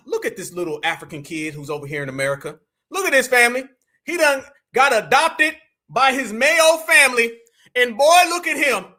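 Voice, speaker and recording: Loud mocking man, very high bright voice. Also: moderate pace. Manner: loud, mocking, animated, often shouting. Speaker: online show host. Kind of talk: live reaction commentary.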